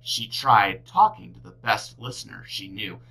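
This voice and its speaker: A woman teacher reading a picture book aloud to children, with big expressive swings in her delivery. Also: rumbling low, measured pace, creaky, heavy background noise. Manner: animated, big swings for characters.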